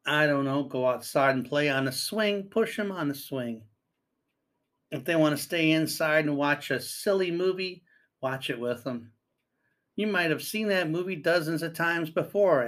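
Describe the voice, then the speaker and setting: Rambling through casual commentary, a grandfather reads news stories aloud, reacts to them, and earnestly advises parents. He talks at length in a relaxed way. His male voice is fairly high-pitched and a bit bright.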